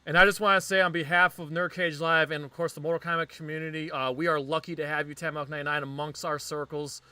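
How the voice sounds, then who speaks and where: A man's voice: a little high, little pitch movement, quick pace, sharp tone, clean tone, no echo. A man hosting a live panel stream, speaking eagerly and emphatically. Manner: eager and emphatic, pleading for fan favorites. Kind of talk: casual panel chat.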